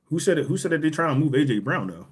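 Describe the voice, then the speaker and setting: A man's voice: a little high, very animated, rapid-fire, husky. A man hosting a casual live sports podcast, talking animatedly, repeating himself as he answers comments from the chat. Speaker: podcast host.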